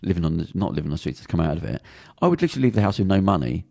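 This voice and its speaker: A British man hosts a casual podcast in a deep, dark voice full of gravel. He talks fast and bluntly, swearing as he rambles from point to point. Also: sing-song. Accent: British English. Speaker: podcast host.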